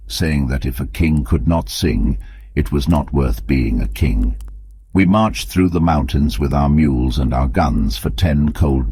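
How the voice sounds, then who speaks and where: A man reading an audiobook as narrator in steady, measured scripted narration, on a close mic. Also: extremely low pitch, slightly rough, dry recording.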